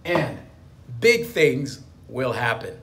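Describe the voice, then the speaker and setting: A man's voice: medium pitch, very animated, slow pace, fairly bright tone. A man, a business attorney, giving a motivational talk to camera, emphatic and fond of repeating his key phrases.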